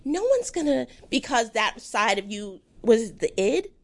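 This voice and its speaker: A woman talking casually as an interview guest, animated and self-deprecating, often jumping into high mimicking voices. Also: unhurried.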